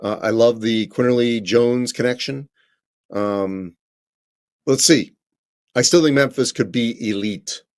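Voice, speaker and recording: A man at a middle pitch talks through viewer questions on a live stream. His delivery is loose and conversational, with frequent ums and quick corrections of himself as he goes. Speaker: college basketball correspondent.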